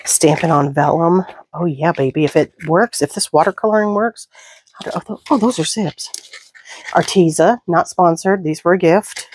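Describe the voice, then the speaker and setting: A woman's voice: lowish voice, moderate pace, slight background noise. A woman with a Southern US accent hosting a crafting video, chatting casually and mumbling asides to herself as she works. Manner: chatty, talks to herself while working, some mumbled asides. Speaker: crafting channel host.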